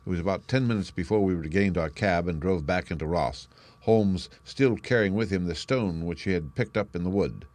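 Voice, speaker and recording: Man, audiobook narration, fairly low voice, steady measured pace, dry close sound. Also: no room sound.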